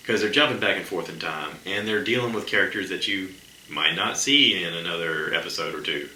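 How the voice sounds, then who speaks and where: A very low, deep-voiced man chatting loosely on his solo podcast, circling back and stacking "um"s as he goes. His tone is strikingly bright and forceful despite the low pitch. The room around him is echoey, with a faint hiss of ambience. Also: brisk. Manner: rambling, chatty, many fillers. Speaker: podcast host. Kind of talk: casual solo podcast chat.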